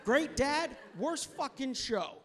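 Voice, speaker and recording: A stand-up comic with an extremely high-pitched voice works the crowd at a comedy club, speaking slowly but with lively intonation. He cracks himself up and imitates the people in his stories, while audience laughter and crowd noise carry through.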